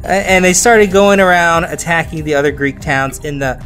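A man's voice: a little high, moderate pace, a bit bright. A man hosting a podcast, telling history in a casual, joking way that drops into silly voices, with faint music behind. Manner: jokey, laughs often, drops into silly voices. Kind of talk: casual storytelling chat.

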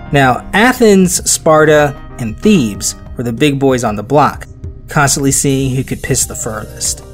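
A man hosting a podcast, telling history in a casual, joking way that drops into silly voices, with faint music behind. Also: mid-range voice. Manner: jokey, laughs often, drops into silly voices. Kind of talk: casual storytelling chat.

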